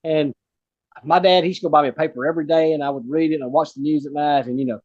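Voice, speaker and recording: A man's voice: fairly high pitch, fairly even intonation, rapid-fire, darkish tone, dry recording, dull audio. A man in his forties hosting a casual interview, telling a rambling personal story. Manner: rambling, many fillers and restarts. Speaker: host.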